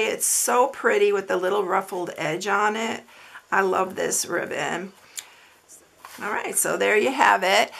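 A woman's voice: medium pitch, creaky, fairly bright tone. A woman hosting a papercraft tutorial, chatting casually, repeating herself and dropping fillers as she shows her work. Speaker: papercraft channel host.

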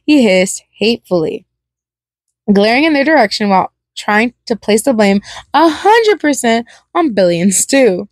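A woman reading a fan story aloud, dramatic and expressive with a few stumbles. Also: on the high side, moderate pace, dry recording, clean studio sound. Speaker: fan fiction reader.

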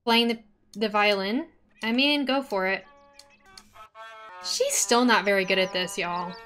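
A woman's voice: medium pitch, unhurried, fairly bright tone, soft background music. A woman streaming a life-sim game, chatting casually and talking to the characters with dramatic outbursts. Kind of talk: casual gameplay commentary.

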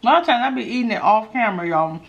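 A woman's voice: fairly high pitch, very animated, rapid-fire, highs cut off. A woman hosting a mukbang eating show, chatting casually to her viewers between bites and laughing often. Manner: chatty, giggly, talks to viewers while eating. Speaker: mukbang host.

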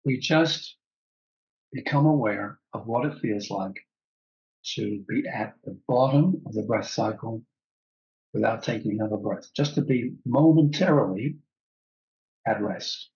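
A man teaching a breathwork class, calmly guiding the breath and repeating key phrases. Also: fairly low pitch, unhurried, long pauses, lo-fi sound.

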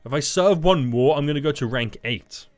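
A young man giving excitable, jokey commentary over gameplay, talking to chat and teammates. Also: on the high side, normal speed. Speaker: gaming YouTuber. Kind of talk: energetic Roblox gameplay commentary.

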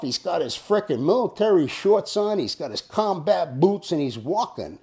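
A man's voice: high voice, big pitch swings, normal speed, creaky, few pauses, a little mellow. A man in his seventies telling a personal story in a casual way. He talks bluntly and swears freely, like a tough guy. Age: 70s. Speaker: storyteller host.

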